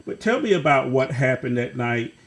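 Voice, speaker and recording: A man hosting a talk show, introducing segments and a guest in a relaxed way. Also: mid-range voice, moderate pace. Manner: relaxed, with fillers and restarts. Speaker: host.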